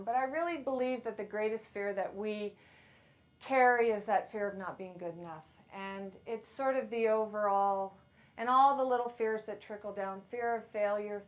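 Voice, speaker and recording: A middle-aged woman giving a playful, self-deprecating motivational talk to a live audience on a handheld mic. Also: mid-range voice. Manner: playful, self-deprecating storyteller who acts out quotes loudly. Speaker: speaker at a women's event.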